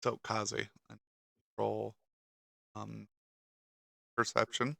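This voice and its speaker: A man's voice: on the low side, monotone, very slow, vocal fry, bright, forceful tone, dry recording, studio quality. A man running a tabletop game as game master, laid-back and chuckling often.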